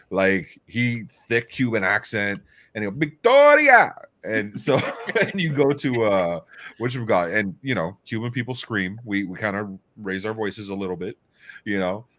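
Give me a man with a deep, fairly low voice hosting a relaxed talk show. He tells rambling stories and swears freely. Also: moderate pace. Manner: loose, swearing, storytelling. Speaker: host. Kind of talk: casual chat.

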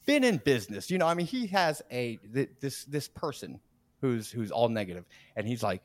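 A podcast host relaxes into a rambling workplace story. He jumps between low mutters and high bursts of laughter, acting out the people he quotes. The mic is close and the room is dry. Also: moderate pace, no room sound. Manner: animated, laughs often, acts out quoted people. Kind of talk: casual storytelling chat.

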